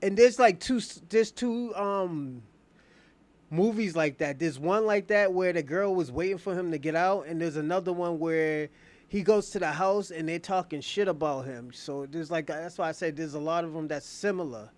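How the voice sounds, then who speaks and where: High-voiced man rambling through a story. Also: normal speed. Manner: slangy, profane, loose storytelling with many fillers. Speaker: streamer recapping a drama. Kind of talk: casual rambling retelling. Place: at home, indoors.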